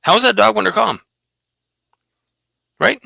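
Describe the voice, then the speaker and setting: A man's voice: sits high, takes it slowly, gravelly, pushed and bright, no echo. A man talking bluntly and emphatically about dog behaviour in a casual conversation, swearing freely.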